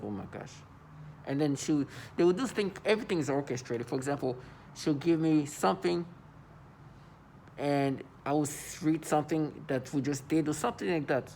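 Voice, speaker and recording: A man's voice: a little high, a little mellow, a little hiss or hum. A man talking to the camera in an agitated monologue, often stammering and repeating words. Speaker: vlogger.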